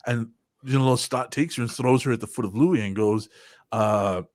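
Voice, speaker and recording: A man's voice: medium pitch, moderate pace, dry recording. A man in his forties hosting a casual podcast chat, rambling and swearing often, with frequent laughs. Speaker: podcast host.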